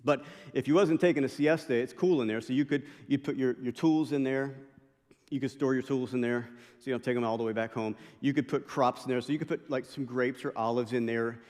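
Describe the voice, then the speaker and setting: A man giving an animated, conversational sermon as a guest chapel speaker, telling stories with frequent restarts. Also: mid-range voice, brisk. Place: university chapel. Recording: long reverb of a large hall.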